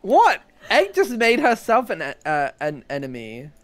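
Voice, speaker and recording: A young man chats while gaming from his room at home, dry and laid-back as he teases his co-host. His delivery still moves up and down a lot in pitch. Faint music sits in the background. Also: huge pitch swings, a little slow, fairly bright tone. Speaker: co-player on stream. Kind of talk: casual chat while gaming.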